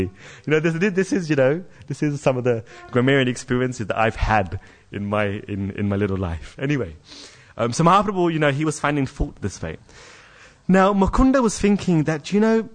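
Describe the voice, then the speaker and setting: Higher-voiced man telling scripture stories. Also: normal speed. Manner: animated storytelling with emphatic repetition. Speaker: religious lecturer. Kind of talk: storytelling scripture class.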